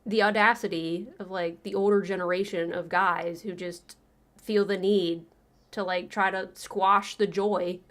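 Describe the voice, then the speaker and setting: A woman's voice: medium pitch, a bit bright. Laughing, sarcastic woman streamer. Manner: laughs often, sarcastic, retells stories with quoted voices. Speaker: livestream reaction host. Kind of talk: casual livestream chat.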